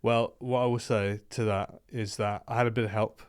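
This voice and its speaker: A man, a comedian co-hosting a podcast, telling a story in casual comedic chat, animated and laughing often. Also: lowish voice, normal speed, smooth. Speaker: co-host, comedian.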